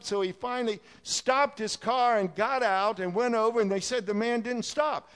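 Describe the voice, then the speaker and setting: A man preaching, telling a long illustration story that builds from a quiet telling to a shouted plea to his listeners. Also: high voice, fairly quick, few pauses, smooth.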